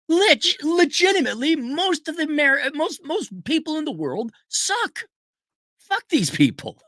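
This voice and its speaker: A middle-aged man delivers a blunt, profane monologue as host of his own show. His somewhat high voice leaps widely as he rants and mocks imagined critics. The sound is dry and close, with no room around it. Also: creaky, dry recording. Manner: animated, switches to mocking impressions. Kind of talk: personal monologue.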